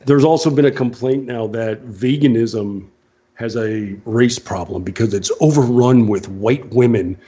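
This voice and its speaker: Sarcastic man with a mellow voice. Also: mid-range voice, unhurried, breathy edge. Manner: sarcastic, mocking. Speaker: radio show co-host. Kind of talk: casual political banter. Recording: dull lo-fi online radio audio.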